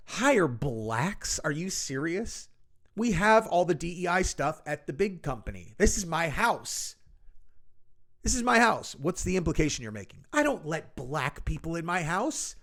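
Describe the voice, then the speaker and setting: A man's voice: fairly high pitch, sing-song, measured pace, fairly bright tone. Man putting on a snobbish rich lady. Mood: indignant. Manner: mocking, indignant. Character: snobbish rich woman, out of touch.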